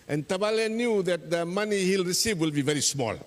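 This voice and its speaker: A man's voice: high voice, animated, brisk, long reverb tail. A man, a pastor telling a children's story in church and voicing its characters. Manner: gentle storytelling with voiced characters.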